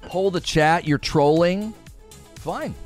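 A man's voice: high voice, slow, faint music behind. A man hosting a livestream, ranting at his chat in an exasperated, sarcastic, mocking way. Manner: mock voices of chatters. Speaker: livestream host.

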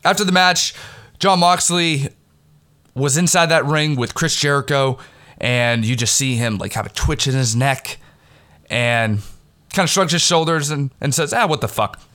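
A man excitedly recapping a wrestling event in a rambling, casual way, swearing freely, recorded on a headset mic at home. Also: on the high side, unhurried. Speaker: wrestling fan recapping a pay-per-view. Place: home recording in the Pittsburgh area. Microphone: headset mic with headphones.

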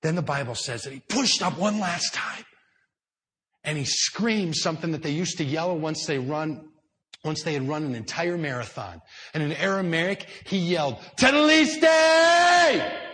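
A man preaching a sermon in a church hall, telling the story with drama and dropping to hushed tones before building up louder. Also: on the high side, lively intonation, moderate pace. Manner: dramatic storytelling, swinging between hushed and loud. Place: indoor church hall with high ceiling.

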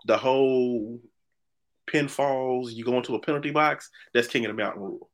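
A man co-hosting a podcast in casual chat, animated and opinionated, often restarting his sentences. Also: mid-range voice, normal speed. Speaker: podcast co-host.

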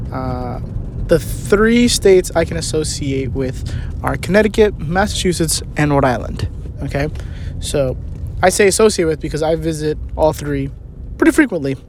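A man's voice: on the high side, moderate pace, darkish tone. A man telling a rambling, profane, joking story while sitting in his car. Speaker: vlogger. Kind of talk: casual storytelling rant. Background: car engine noise.

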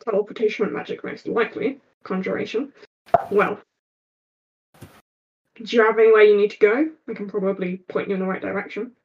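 A woman voicing a small, grumpy male goblin with glasses, speaking in a grudging, deadpan, sardonic way in a tabletop game. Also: mid-range voice, fairly quick, long pauses, far from the mic, dull audio, a little hiss or hum, voice pushed down, natural voice.

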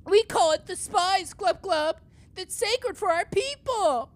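A woman voicing an excitable male goldfish king who ends his lines with "glub glub" in a comedy podcast. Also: very high-pitched, slow, voice pushed up, exaggerated voice. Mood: earnest.

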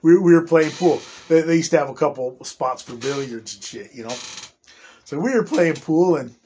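A man's voice: fairly high pitch, expressive, moderate pace, warm tone, slight background noise. A man casually telling a long story, swearing constantly, laughing often and restarting his sentences. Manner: profane, laughing, rambling with many restarts.

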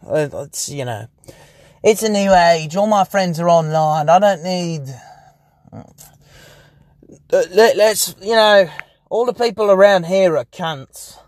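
A man's voice: high-pitched, slow, long pauses, darkish tone, no room sound. A young man rambling and swearing in a casual podcast monologue, recorded sitting inside his parked car. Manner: profane, rambling, laughs often. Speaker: podcast host.

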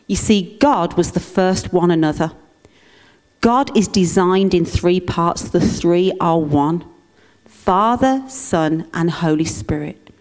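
A woman's voice: on the low side, a little mellow. A woman preaching a conversational sermon in church, teaching with humour and playful asides.

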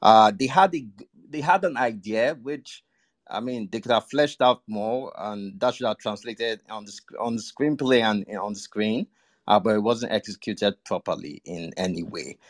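A man giving a measured, diplomatic film review on a podcast panel, with frequent pauses and fillers. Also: on the low side, no room sound, clean studio sound. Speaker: panel guest. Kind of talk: casual panel chat.

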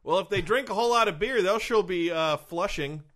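A man's voice: high voice, a little fast, fairly bright tone. A man co-hosting a comedy podcast, trading puns and playfully paranoid asides in casual banter. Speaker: podcast co-host.

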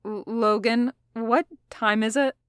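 A gentle, fearful young man , as a woman reads him, asking hesitant questions. The sound is dry and close to the mic. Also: fairly high pitch, steady tone, takes it slowly, smooth, no room sound. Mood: worried.

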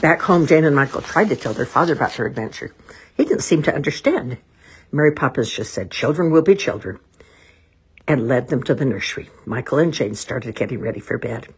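A woman reading children's storybooks aloud, gentle and expressive. Her voice sits low and sounds breathy and husky, with a lively, animated rise and fall. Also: fairly quick. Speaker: storybook reader.

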